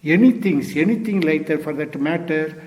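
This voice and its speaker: A man's voice: fairly high pitch, moderate pace, darkish tone. An older man from India, giving a Zen dharma talk as teacher, repeating key words and posing rhetorical questions to his listeners.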